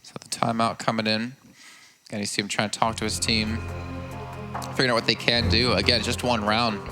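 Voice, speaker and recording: A man commentating live on an esports match in a measured, analytical way. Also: lowish voice, level tone, bright, forceful tone, soft background music.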